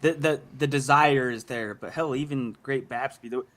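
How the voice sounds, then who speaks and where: A man's voice: medium pitch, normal speed, very noisy. A male guest chatting casually on a stream, in a laid-back, rambling way. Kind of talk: casual commentary chat.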